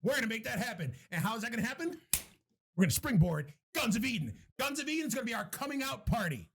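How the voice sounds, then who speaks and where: A man co-hosting a podcast in casual chat, excitable, laughing often and swearing freely. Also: very high voice, fast, slight background noise. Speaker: podcast co-host.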